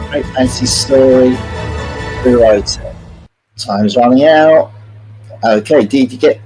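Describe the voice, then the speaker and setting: A man's voice: medium pitch, a little mellow, low-quality recording. A man hosting a live-streamed multiple-choice quiz, chatty and jokey, greeting viewers by name as he reads out the questions. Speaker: quiz host.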